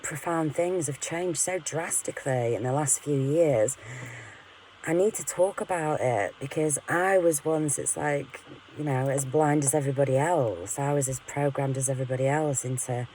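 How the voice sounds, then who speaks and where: A woman's voice: a bass voice, dark tone, slight background noise, rough recording. A woman venting in a candid, rambling monologue to her camera, frank and full of swearing, often laughing at herself. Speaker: vlogger.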